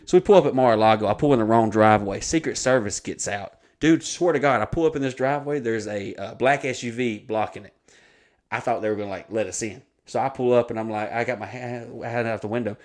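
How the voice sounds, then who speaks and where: A comedian with a drawl tells a rowdy story in casual podcast chat. He curses constantly and jumps into the voices of the people he meets. His pitch sits in the middle range for a man. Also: fast talker. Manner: profane, animated, acts out quoted voices.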